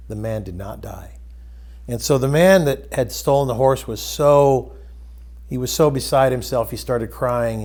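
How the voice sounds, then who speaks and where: Retelling a story during a spiritual discussion, this male host wanders loosely through it and shifts into gentle voices for the people he quotes. His pitch is medium.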